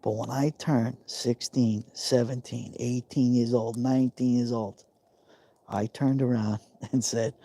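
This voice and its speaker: A man in his fifties with a warm, mellow tone. He tells a personal story in an emotional, confiding way and often repeats himself for emphasis. The sound is dry, with no room echo. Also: medium pitch, fairly even intonation, measured pace. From New York. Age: 50s. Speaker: live-stream host.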